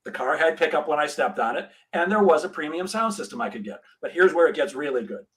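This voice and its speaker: A middle-aged man tells a story with energy and acts out each voice. His pitch sits a little high for a man. He is a sales trainer talking as a guest on a podcast. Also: quick pace, poor audio. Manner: animated storyteller, acts out dialogue.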